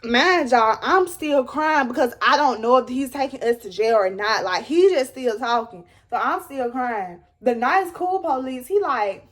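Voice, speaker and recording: A young woman telling a dramatic storytime to her viewers, animated and emphatic. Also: sits high, a little slow, hardly any pauses. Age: young adult. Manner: animated, dramatic retelling with rising squeals. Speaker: storyteller vlogger. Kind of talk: storytime vlog.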